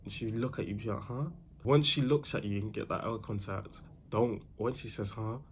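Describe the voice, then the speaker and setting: A man's voice: on the low side, brisk, slight background noise. A young man giving casual dating advice, slangy and repetitive, calling the listener bro. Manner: slangy, repeats himself, calls the viewer bro.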